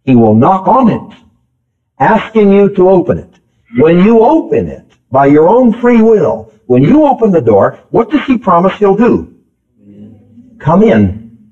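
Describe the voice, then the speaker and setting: A man's voice: high-pitched, sing-song, measured pace, warm tone. A man preaching a sermon in an emphatic style, repeating key phrases and calling out questions to the congregation. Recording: tinny phone-like old tape recording.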